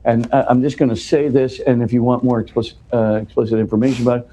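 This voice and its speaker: A man's voice: mid-range voice, level tone, fast, dark tone. A man speaking as an interview guest, explaining at length in an earnest, conversational way and often restarting his words.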